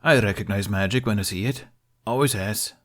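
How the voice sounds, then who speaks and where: A man's voice: fairly low pitch, a little fast, fairly bright tone, lightly acted. A man doing a hearty, jovial older man. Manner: hearty and cheerful. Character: jovial older male blacksmith, booming and hearty. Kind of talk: audiobook reading of fan fiction.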